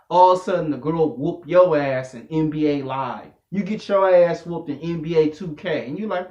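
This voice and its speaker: Guy ranting loud and slangy, kinda high voice, roomy echo, muffled lo-fi audio. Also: normal speed. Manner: loud, animated, slangy storytelling. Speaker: vlogger. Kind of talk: profane comedic rant to camera. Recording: echoey room, dull lo-fi audio.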